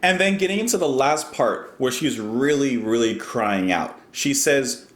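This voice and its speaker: A man's voice: medium pitch, sing-song, fairly bright tone, reverberant. A man giving casual, thoughtful commentary while reacting to music, explaining what he hears. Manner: thoughtful, explanatory, pauses to restart.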